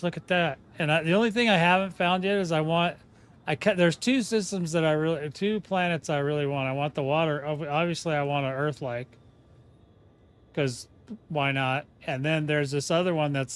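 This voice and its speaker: Smooth-voiced rambling game streamer, man. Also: a little high. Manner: rambling, self-interrupting, chatty. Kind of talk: casual livestream chat.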